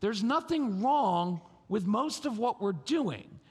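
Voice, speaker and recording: A man giving a parenting talk at a live conference, animated and theatrical, acting out scenes and quizzing the audience. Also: high-pitched, slow, slightly rough. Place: large church conference hall. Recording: long hall reverb from a live venue.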